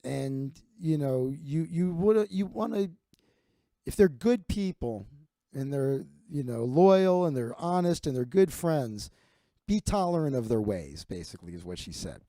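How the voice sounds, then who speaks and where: 40s guy rambling a crude story, mellow fairly high voice, dry sound. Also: big pitch swings, a little slow, no room sound. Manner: profane, rambling with many fillers and restarts. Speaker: comedian host.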